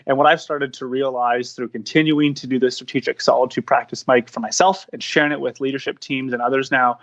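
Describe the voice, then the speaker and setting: A man's voice: medium pitch, steady tone, fairly quick, a bit bright, lo-fi sound. A man speaking as a podcast guest in reflective interview talk, earnest and searching, with frequent restarts. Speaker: podcast guest, founder of a coaching practice.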